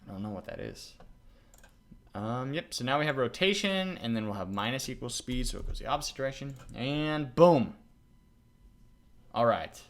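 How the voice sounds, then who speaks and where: A man hosting a casual coding tutorial, talking to himself as he works and getting loudly excited and laughing when things run. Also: medium pitch, moderate pace, pauses often.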